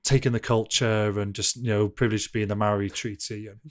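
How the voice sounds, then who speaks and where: A man in his thirties, a podcast guest telling casual stories in an animated way, swearing freely and laughing as he talks. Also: fairly low pitch, quick pace. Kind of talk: casual anecdotal storytelling.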